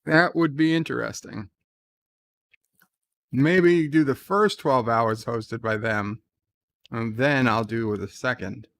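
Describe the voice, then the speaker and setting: A man's voice: takes it slowly, gravelly, long pauses, fairly bright tone. A man hosting a live stream, chatting casually and reading viewer comments aloud, with a slight New York accent and a dry, offhand manner. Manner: reads chat messages in a raised, livelier voice, then answers in a dry, low aside.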